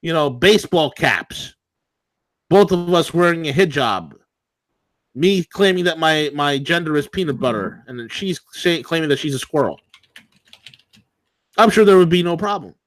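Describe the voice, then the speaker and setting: A man's voice: fairly high pitch, animated, moderate pace, pauses often, no room sound. A man co-hosting a political talk show, ranting combatively and sarcastically.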